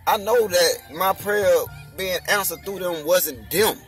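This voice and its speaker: A man's voice: high voice, unhurried, a bit bright, far from the mic, faint music behind. A young man casually telling the story of his faith testimony, using lots of slang and saying "you know what I'm saying" again and again.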